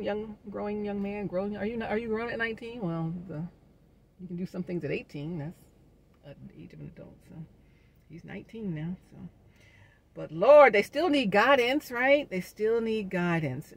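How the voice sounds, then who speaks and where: Middle-aged woman, gravelly voice, casual inspirational vlog, chatty with churchy asides. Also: medium pitch, lively intonation, slight background noise. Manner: chatty, preacher-like asides, quick to laugh. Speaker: vlogger.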